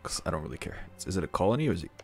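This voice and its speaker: Gravelly low-voiced man playing a game. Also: very fast, soft background music. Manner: talks to himself, excitable outbursts. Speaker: strategy game let's-player. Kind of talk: casual gameplay commentary.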